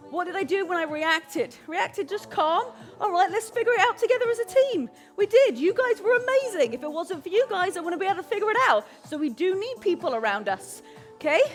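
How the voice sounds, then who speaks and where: Upbeat woman fitness coach with a high voice, a little breathless, counting down reps over faint music. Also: a bit bright. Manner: upbeat, encouraging, calls out counts and cues. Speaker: fitness instructor. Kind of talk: live workout instruction with motivational talk.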